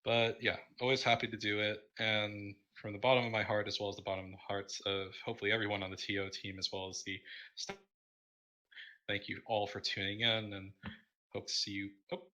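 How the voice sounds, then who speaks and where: A man casting a gaming tournament stream, tired and halting, with many fillers as he wraps up. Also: lowish voice, little pitch movement, pushed and bright. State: tired, yawning. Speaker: tournament caster. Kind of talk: casual livestream wrap-up.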